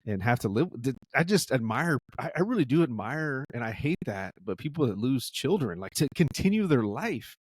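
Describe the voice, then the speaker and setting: A man's voice: mid-range voice, sing-song, normal speed, hardly any pauses, breathy edge, no room sound, clean studio sound. A man co-hosting a podcast, chatting casually, joking and teasing. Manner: joking, teasing, throws in mock voices. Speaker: podcast co-host.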